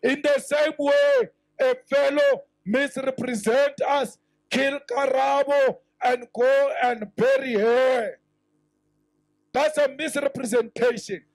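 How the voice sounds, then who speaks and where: A South African politician giving an impassioned rally speech, rising to shouts and mixing in Sotho phrases. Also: male voice, very high voice, fairly even intonation, slow pace, no room sound, rough recording.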